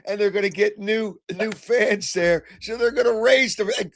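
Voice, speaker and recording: An older man hosting a call-in sports radio show, blunt and opinionated, clearing his throat as he gets over a cold. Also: sits high, measured pace. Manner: blunt, opinionated, flares into shouting. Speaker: sports talk radio host.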